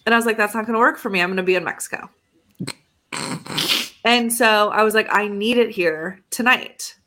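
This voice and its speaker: A woman's voice: fairly high pitch, fairly even intonation, fast talker, sharp tone. A young adult woman co-hosting a podcast, telling a story in a casual chat and acting out both sides of phone calls. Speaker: podcast co-host.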